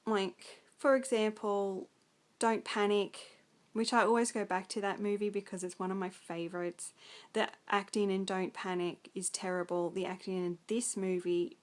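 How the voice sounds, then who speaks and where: A woman's voice: medium pitch, flat delivery, normal speed. A young Australian woman with an Australian accent, rambling through a casual film review full of ums and likes.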